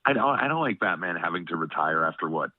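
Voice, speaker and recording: A man's voice: low-pitched, animated, fast talker, no room sound. Stuffy-nosed man rambling on a tinny line. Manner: rambling, full of "you know what I mean". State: stuffed up nose. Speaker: podcast host. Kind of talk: casual chat. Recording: tinny phone-like line, dry.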